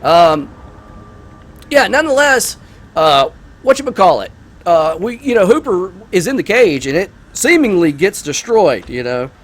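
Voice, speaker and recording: A man casually chatting over a video game while retelling a movie plot, rambling and excitable, with lots of fillers. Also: high-pitched, a little slow. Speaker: gaming YouTuber. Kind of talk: casual gameplay commentary with movie review.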